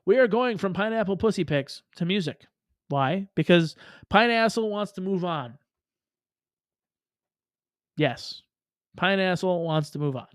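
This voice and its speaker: A man's voice: sits high, animated, a little slow, long pauses, no room sound, studio quality. A man hosting a casual livestream, rambling with profane jokes and laughing asides. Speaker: livestream host.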